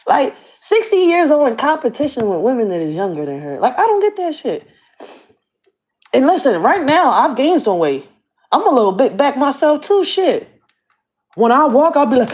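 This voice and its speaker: A woman's voice: high voice, very animated, moderate pace. A woman vlogging as a community activist, ranting to the camera in blunt, profane slang. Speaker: community activist and channel host. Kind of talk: casual rant to camera.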